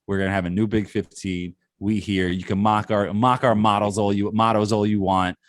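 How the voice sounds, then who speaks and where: A man co-hosting a sports podcast in casual chat, excitable and quick to rattle off lists. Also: fairly low pitch, no room sound. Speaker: podcast co-host.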